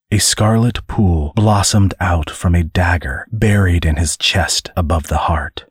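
A man hosting and narrating a serialized story with an expressive, dramatic reading. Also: low-pitched, husky, no echo, clean studio sound. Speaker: podcast host and narrator.

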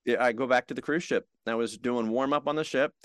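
A man's voice: medium pitch, fairly quick, no room sound. Storytelling showbiz man, dry sound. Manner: animated anecdotes with acted-out quotes. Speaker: guest, TV host. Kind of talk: storytelling interview.

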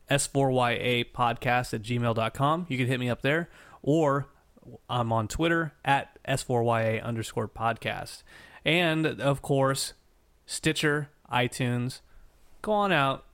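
A man with a mid-pitched voice hosts a podcast in a dry, deadened room. He banters with an easy laugh and reads out contact details in a relaxed way. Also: clean tone, dry recording. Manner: laughing, easygoing sign-off banter. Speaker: podcast host. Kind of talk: casual podcast chat.

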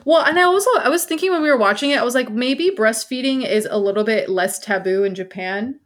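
A woman's voice: a little high, fast. A woman co-hosting a podcast, chatting casually with blunt, laughing banter. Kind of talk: casual chat.

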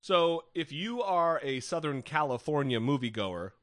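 A man's voice: a little high, lively intonation, unhurried, a bit bright, no room sound, clean studio sound. Wry, rambling man podcasting. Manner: rambling, wry, swears freely, many restarts. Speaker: podcast co-host. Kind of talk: casual chat.

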